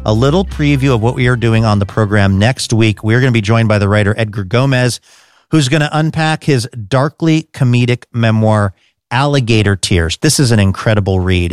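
A man's voice: mid-range voice, no room sound, clean studio sound. Upbeat male radio show host. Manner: smooth, upbeat announcer delivery. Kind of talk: scripted radio hosting.

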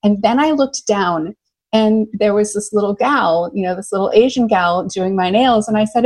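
A woman's voice: medium pitch, normal speed, a little mellow. A middle-aged woman, an enthusiastic storyteller with a big laugh, speaking as a love coach in a podcast interview. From United States.

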